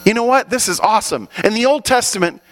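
Man preaching an animated sermon. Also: sits high, fast, poor audio. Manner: animated, building to loud exhortations.

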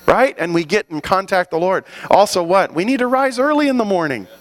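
Man preaching an animated sermon. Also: sits high, a little fast, dry recording, poor audio. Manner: animated, building to loud exhortations.

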